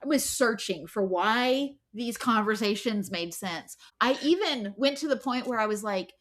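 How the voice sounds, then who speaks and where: A woman with a high voice co-hosts a podcast in casual conversation. She tells her story in a chatty way, full of "like" and "you know" and often laughing. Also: expressive, moderate pace, fairly bright tone. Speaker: podcast co-host.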